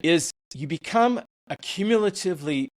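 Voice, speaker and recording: Lively, rambling man host. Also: a little high, moderate pace. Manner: chatty, rambling, eager to agree. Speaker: podcast host. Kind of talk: conversational interview.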